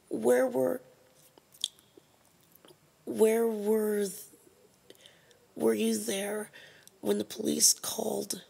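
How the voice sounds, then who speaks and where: A woman reading an open letter aloud to the camera while crying, halting and breaking off to apologize. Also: a little high, vocal fry, a little mellow, husky, low-quality recording. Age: adult over 20. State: crying, tearful. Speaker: vlogger.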